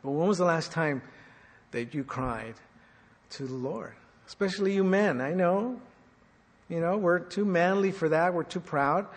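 A male pastor preaching a sermon, swinging between loud and soft, asking the congregation questions. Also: on the high side, measured pace. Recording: echoey hall reverb.

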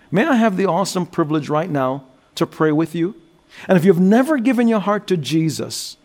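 A man preaching a sermon, telling a story and dropping low and slow for scripture and prayer. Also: a little mellow. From New Jersey. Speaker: guest preacher.

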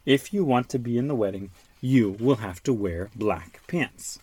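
A man voicing a firm but gentle mother, speaking calmly and plainly. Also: mid-range voice, normal speed, husky, dry recording. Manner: calm, matter-of-fact.

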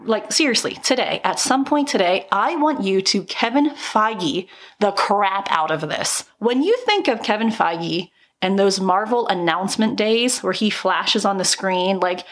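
A woman's voice: mid-range voice, lively intonation, a little slow, a bit bright. A woman in her thirties hosting a solo podcast, talking upbeat and encouraging with little laughs between thoughts. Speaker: podcast host. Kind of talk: motivational solo podcast talk.

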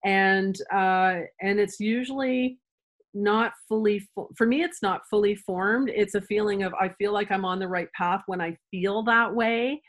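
A woman speaking as an interview guest, explaining her ideas thoughtfully and at an even, middling pitch. She often searches for words and restarts phrases as she talks. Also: a little slow. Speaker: chiropractor guest. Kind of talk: conversational interview answers.

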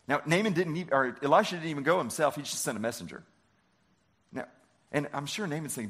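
A man's voice: fairly high pitch, animated, fast talker, a bit bright, slightly rough. A man preaching a sermon in a conversational way, acting out biblical characters with everyday lines and often repeating words as he restarts. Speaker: pastor.

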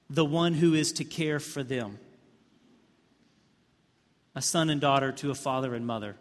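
A male pastor preaching a sermon, telling the scene like a story, with many repeated words and swings from hushed to emphatic. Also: medium pitch, normal speed, pauses often. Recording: long hall reverb.

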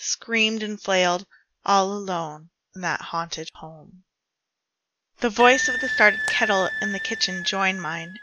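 Woman storyteller, bright voice, dull dry recording, measured delivery. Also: medium pitch, no room sound. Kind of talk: reading her own dark fiction aloud.

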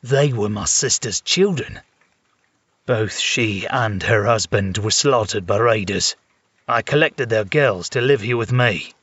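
An actor playing a polite, composed, firm monk in an audio drama. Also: male voice, fairly low pitch, unhurried, fairly bright tone, breathy edge, dry recording. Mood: protective. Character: calm, dignified older male monk. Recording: dull lo-fi recording.

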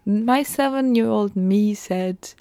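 A woman with a German accent hosting her own solo podcast, talking slowly and reflectively with many pauses and ums. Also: medium pitch, dark tone, no echo, clean studio sound. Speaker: podcast host.

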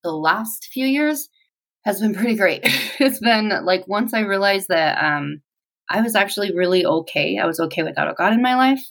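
A woman in her forties telling her personal story in an interview, reflective and halting, with pauses. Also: mid-range voice, lively intonation, gravelly, a bit bright, low-quality recording.

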